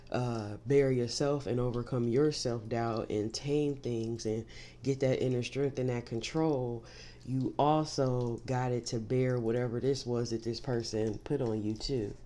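A woman's voice: very deep voice, dark tone. A woman doing a spiritual tarot reading, speaking straight to the listener in an emphatic, reassuring way and often starting points with "see.". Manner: emphatic, repeats "see" to drive points home; reassuring, direct address to the listener. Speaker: tarot reader.

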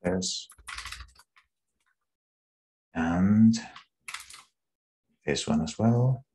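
A man, an engineer, walking through a live coding demo on a call, thinking aloud in an unhurried way with restarts. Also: low voice, lively intonation, dark tone. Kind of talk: screen-share coding walkthrough.

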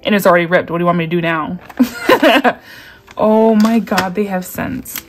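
A woman chatting excitedly as she unboxes gifts sent by a friend, gushing, gasping and laughing often. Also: lowish voice, fast, soft background music. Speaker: YouTube creator unboxing mail.

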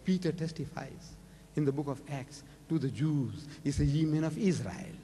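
An older man with a South African accent giving a public lecture on religion, firing rhetorical questions and rising sharply in pitch for emphasis. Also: animated, moderate pace, warm tone, a little hiss or hum. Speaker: preacher. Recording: lecture hall with long reverb.

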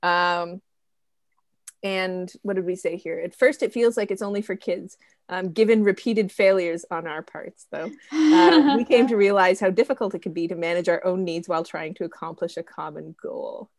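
A woman's voice: fairly low pitch, moderate pace, darkish tone, no room sound. A young woman hosting a casual game stream, chatty and giggly, with lots of ums and uhs. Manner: chatty, giggly, many fillers. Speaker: host.

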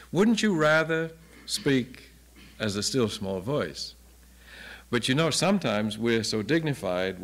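A man's voice: on the low side, a bit bright. An older man giving an earnest Bible lecture, asking many rhetorical questions. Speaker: Bible teacher.

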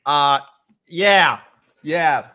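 A man's voice: a little high, drawn-out words, sharp tone. A man with an Australian accent hosting a live stream, loose and jokey, swearing in casual chat. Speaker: livestream host.

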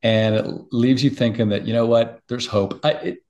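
A middle-aged man, a podcast guest, talking in casual interview chat with an emotional, animated storytelling manner. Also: mid-range voice, moderate pace.

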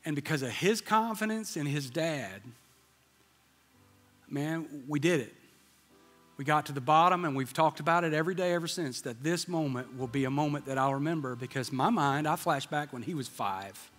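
A man's voice: on the high side, normal speed, fairly bright tone, in a large hall, faint music behind. A man in his fifties preaching a sermon, telling a candid story and acting out the dialogue. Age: 50s. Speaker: pastor. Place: church sanctuary.

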